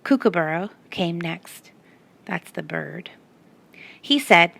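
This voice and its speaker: A woman reads a picture book aloud to children, pausing to ask them questions. She reads slowly, in a bright voice with a gravelly edge, recorded close and dry. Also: fairly low pitch, lively intonation, no echo. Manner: asks the listeners questions. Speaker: storyteller.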